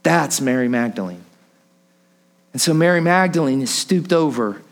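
A man preaching a sermon, repeating phrases, asking the listeners questions and dropping low and soft for emphasis. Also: expressive, normal speed. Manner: asks the listeners rhetorical questions.

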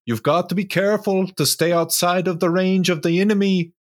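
A man's voice: sits high, steady tone, brisk, voice pushed up, close to an everyday voice. A man doing a stern antlered ranger. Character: stern antlered male ranger warning the party.

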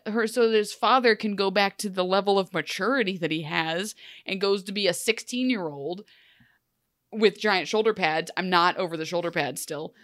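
A woman's voice: mid-range voice, fairly bright tone, no echo, studio quality. A woman co-hosting a podcast, giving emphatic, rambling opinions in casual chat. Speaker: podcast co-host. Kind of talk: casual chat recapping a TV show.

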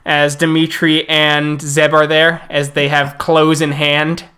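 A man narrating a tabletop game as game master, slow and drawn out, with restarts. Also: on the high side, completely flat delivery, bright, forceful tone, clear, resonant tone.

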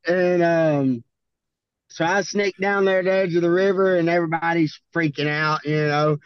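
He's a podcast guest and bull rider from Arkansas, USA, with a Southern accent, spinning rowdy stories in a laid-back, profane drawl and laughing as he goes. His voice is on the high side, steady and smooth at a moderate pace, with no room sound and dull audio.

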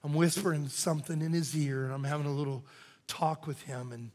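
An older man preaching a sermon as pastor, moving from loud cries to hushed whispers. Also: a little high, steady tone, a little fast. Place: church sanctuary. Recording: church hall reverb.

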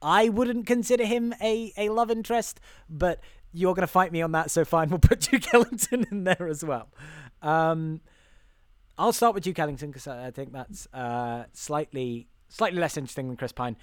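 A man's voice: on the high side, normal speed, no room sound. A chatty man in a casual podcast chat, laughing often between his points and tripping over his own restarts. His voice sits dry and close, with no room sound around it. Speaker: podcast co-host.

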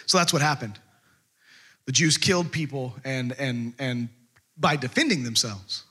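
A man preaching a sermon, retelling a story in a lively, conversational way with casual fillers. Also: medium pitch, a little slow, husky.

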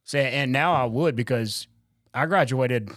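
A man's voice: medium pitch, measured pace, a bit bright, dry recording. A man who is a guest on a podcast, casually telling an old story in a dry, laid-back way. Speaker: guest, former Marine. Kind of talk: casual chat.

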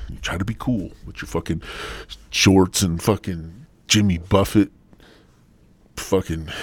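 A man's voice: low-pitched, no room sound. A man in his sixties hosting a podcast, ranting in a crude, sardonic, swearing way. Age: 60s. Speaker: podcast host. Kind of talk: profane comic rant.

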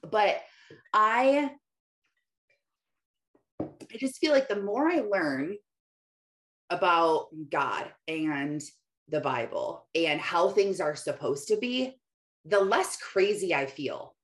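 A woman's voice: lowish voice, lively intonation, takes it slowly, long pauses, a bit bright. Enthusiastic woman hosting a faith podcast. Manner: enthusiastic, chatty, full of "like" fillers. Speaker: podcast host. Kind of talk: faith-based morning podcast livestream, casual.

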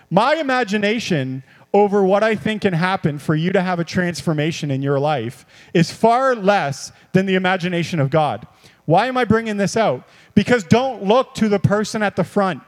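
A male pastor with a high voice delivers an animated, repetitive sermon. His talk swings between quiet musing and excited outbursts. The sound carries the long reverb of a church hall. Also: normal speed.

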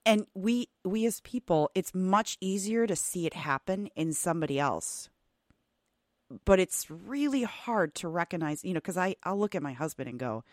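A woman with a lowish voice, speaking at normal speed, hosts a podcast interview in studio-quality audio with no room sound. She rambles casually through animated family stories, using plenty of fillers and restarts.

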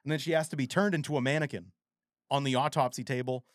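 A man co-hosting a podcast in casual chat, animated and rambling, with frequent swearing. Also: medium pitch, quick pace, no echo, clean studio sound. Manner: animated, profane, rambling storyteller. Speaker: podcast co-host.

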